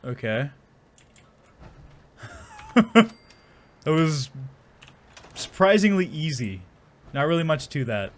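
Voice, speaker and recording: A man's voice: on the high side, big pitch swings, takes it slowly, long pauses. A young man rambling and joking crudely while commenting on his game. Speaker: gaming streamer. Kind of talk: casual let's-play commentary.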